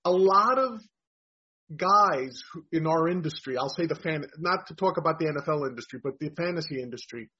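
A man's voice: a little high, animated, a little fast, bright, forceful tone, slightly rough. A man talking fantasy football analysis in a frank, emphatic way. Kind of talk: casual sports talk. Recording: dull lo-fi audio.

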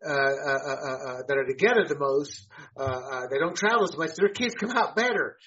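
A man with a somewhat high voice hosts a casual podcast chat. He talks haltingly, full of uh's and restarts. The recording sounds dull and lo-fi. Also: lively intonation, fairly bright tone. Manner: halting, many fillers and restarts. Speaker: podcast host. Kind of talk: casual conversation.

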